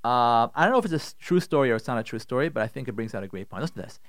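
Animated radio rabbi telling a story. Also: male voice, medium pitch, very fast, no echo, studio quality. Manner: animated, conversational, acts out voices. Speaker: rabbi, radio show host. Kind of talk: storytelling Torah talk on radio.

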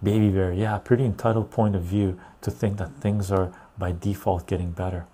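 A man's voice: deep voice, level tone, normal speed, warm tone. A man hosting a podcast, talking politics in a blunt, ranting way and checking in with "right?" as he goes. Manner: blunt, ranting, loose storytelling with frequent "right?". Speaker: podcast host. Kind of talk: casual political talk.

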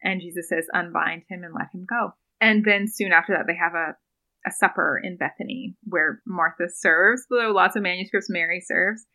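A woman's voice: on the low side, moderate pace, pushed and bright, low-quality recording. A young woman, a doctoral student, talking earnestly in a podcast interview and retelling a scripture story, with frequent ums and small laughs. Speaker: podcast guest, doctoral student in biblical studies.

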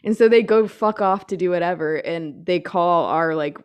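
A young woman telling a story in casual chat, swearing a lot, ranting, and acting out her own lines in a lower voice. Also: normal speed, clean tone.

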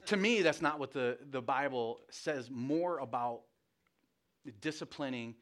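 At a measured pace and mid-range pitch, a man gives a relaxed, conversational sermon built around family stories. He restarts often and drops in self-deprecating asides.

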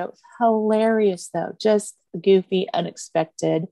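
A woman's voice: medium pitch, a little slow, gravelly, warm tone, no echo, studio quality. A middle-aged woman telling fond family stories in an interview, often laughing as she talks. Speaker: interview guest. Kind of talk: conversational storytelling.

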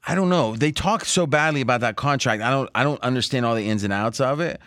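A man hosting a casual sports-betting podcast, rambling in animated asides. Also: mid-range voice, fast talker, no room sound, studio quality. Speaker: podcast host.

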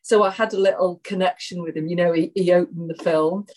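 An actress guest telling stories in a casual chat, acting out what people said. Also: female voice, on the low side, fairly quick, low-quality recording. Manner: lively storyteller, quotes people.

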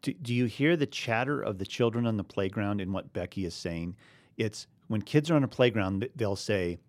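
A man with a lowish voice co-hosts a casual faith talk. He explains in an earnest way, with a chuckle here and there. The sound is dry and close. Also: animated, normal speed, a little mellow, no echo. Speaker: podcast co-host.

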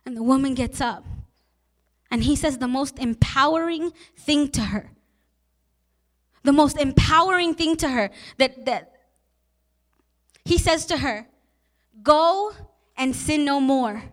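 A woman pastor preaching a sermon with passion, repeating lines and asking the listeners questions, at times turning soft and emotional. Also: high-pitched, unhurried, long pauses.

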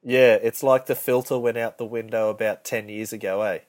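A man's voice: lowish voice, fairly even intonation, moderate pace, darkish tone, no echo. A young man co-hosting a podcast, telling stories in crude, laid-back slang. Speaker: podcast co-host. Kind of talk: casual banter.

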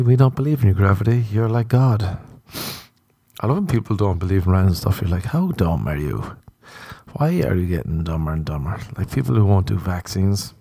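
A man with a Cork Irish accent hosting a podcast, in a rambling, profane comedic monologue with muttered deadpan asides. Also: fairly low pitch, dry recording, studio quality. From Cork, Ireland. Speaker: podcast host.

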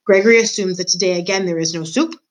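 A woman doing a gruff old male jailer. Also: fairly low pitch, quick pace, natural voice. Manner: speaks of himself by name, gruff.

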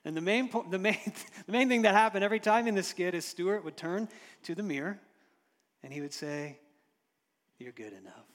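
A man preaching a sermon in a storytelling way, swinging from loud emphasis to hushed, quiet lines. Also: high-pitched, big-room sound. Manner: storytelling, rises and drops in loudness, occasional chuckles. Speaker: pastor.

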